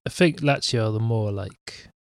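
A man's voice: fairly low pitch, normal speed, dry recording, studio quality. A young man co-hosting a casual football podcast, wry and sarcastic in his asides. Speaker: podcast co-host.

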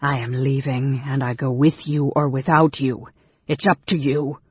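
A man voicing a cold, determined male mage whose voice is hoarse with anger, read from a storybook. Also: medium pitch, flat delivery, measured pace, dry recording. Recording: dull lo-fi dry recording.

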